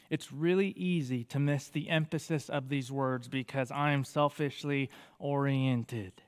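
A man's voice: medium pitch, a little slow, hardly any pauses, smooth, long reverb tail. A male pastor preaching a sermon, reading scripture aloud with feeling and explaining it to the congregation. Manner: animated, reads scripture with feeling.

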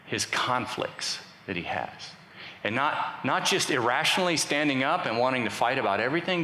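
A pastor with a medium-pitched, bright, forceful voice preaches to his congregation, chatting and joking with the crowd. The recording comes from an echoey church sanctuary with faint ambience and slight background noise.

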